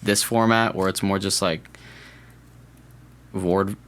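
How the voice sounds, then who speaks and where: Young male podcast host, lowish voice, loose rambling solo chat with self-corrections and jokes. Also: steady tone, takes it slowly, a bit bright, clean tone. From California.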